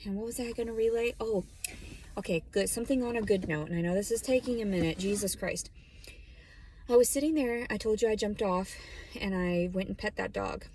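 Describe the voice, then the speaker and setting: A woman's voice: mid-range voice, brisk, a little mellow, husky. A woman vlogging from her parked car, talking bluntly and rambling, with plenty of swearing. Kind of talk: casual vlog monologue. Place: parked car in a store lot.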